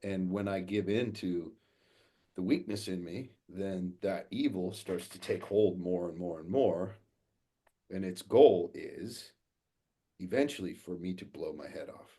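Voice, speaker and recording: Low raspy male coach, swears freely, tells it straight. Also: a little slow. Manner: blunt, profane, animated storyteller. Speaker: guest, fathers' coach. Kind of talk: casual podcast storytelling.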